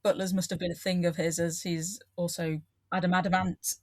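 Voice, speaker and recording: A woman's voice: fairly low pitch, little pitch movement, a little fast, no room sound, studio quality. Wry woman co-hosting a podcast. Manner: wry, laughing asides. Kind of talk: casual chat.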